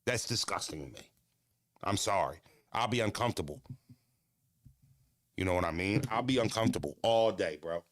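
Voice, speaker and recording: A man hosting a casual podcast, ranting bluntly with profanity, jumping into animated voices and stuttering restarts. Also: deep voice, normal speed, pauses often, no room sound. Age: adult. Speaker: podcast host.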